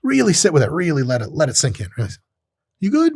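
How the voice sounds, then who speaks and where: A man's voice: fairly high pitch, wildly swooping pitch, racing, gravelly, husky, no echo, studio quality. A man hosting a podcast, giving a blunt, profane casual monologue and acting out short voices. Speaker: podcast host. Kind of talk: casual monologue on self-improvement.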